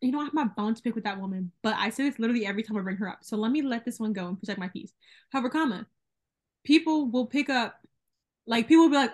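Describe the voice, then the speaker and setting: A young woman from the American South rattles along at a very quick clip, her voice sitting a bit high. She talks loud and emphatic, in an easygoing podcast chat. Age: young adult. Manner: fast-talking, loud, emphatic. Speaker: podcast co-host. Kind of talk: casual chat.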